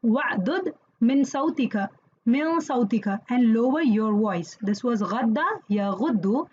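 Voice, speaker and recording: A woman's voice: on the high side, lively intonation, unhurried, a little mellow, muffled recording, slight background noise. A woman teaching Quranic Arabic grammar in an online lesson, explaining patiently and checking in with listeners as she goes.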